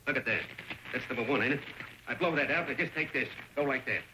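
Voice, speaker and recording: An actor playing a brash, scheming inventor husband in a 1930s film comedy, wheedling and pushy. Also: male voice, mid-range voice, fast, natural voice. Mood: pleading. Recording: scratchy 1930s film soundtrack with music.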